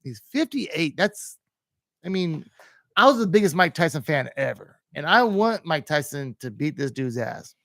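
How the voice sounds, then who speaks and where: Sports podcast host dude, animated, laughs a lot, higher voice, dry sound. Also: male voice, moderate pace, creaky, dry recording. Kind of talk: casual sports chat.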